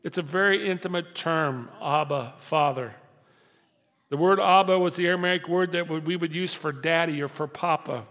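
An older man preaching a sermon as pastor, dropping to soft intimate lows and rising to loud emphatic lines. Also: moderate pace. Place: church sanctuary. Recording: long hall reverb.

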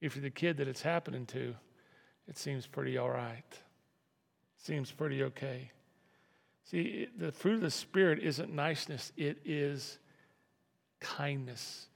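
A man's voice: mid-range voice, a little slow, vocal fry, long pauses. A man preaching a sermon as pastor, talking in a conversational way that repeats and restarts phrases. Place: church sanctuary. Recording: long reverb of a hall.

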